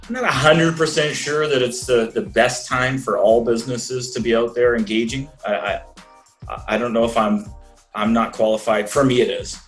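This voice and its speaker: Canadian guy on a zoom call, mid pitch, earnest, keeps restarting sentences, faint music behind. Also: fairly even intonation, normal speed, a bit bright, low-quality recording. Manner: earnest, rambling, many restarts. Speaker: financial planner guest. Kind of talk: casual interview over video call. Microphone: video call.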